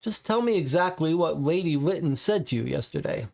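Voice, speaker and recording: A man's voice: a little high, animated, a little fast, creaky, a little mellow. A man as a testy noir detective. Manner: testy, blunt. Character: gruff male noir detective, impatient.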